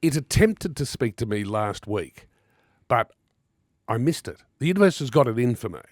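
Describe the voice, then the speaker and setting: A man's voice: lowish voice, no echo, studio quality. A middle-aged Australian man co-hosting a radio show, telling stories in casual banter with a laugh. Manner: animated storytelling with laughs. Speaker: radio co-host. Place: radio studio.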